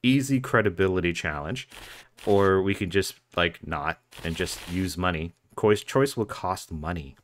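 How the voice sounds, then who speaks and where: A man hosting a let's play, thinking aloud about his choices in a relaxed, musing way. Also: low voice, unhurried, slight background noise. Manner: musing, thinking aloud, with fillers and little laughs. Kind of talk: casual gameplay commentary. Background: game music.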